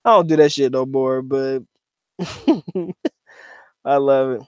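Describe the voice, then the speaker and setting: A man's voice: medium pitch, level tone, slow, clean tone, dry recording, studio quality. A man co-hosting a casual livestream, reading chat and talking in a slangy, profane, laughing way.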